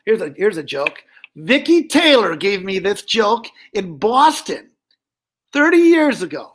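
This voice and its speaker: A man, a ventriloquist guest, telling show-business stories in an animated, chatty way. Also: high voice, measured pace, a little hiss or hum. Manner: animated storyteller, chuckling at old jokes. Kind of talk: casual interview chat.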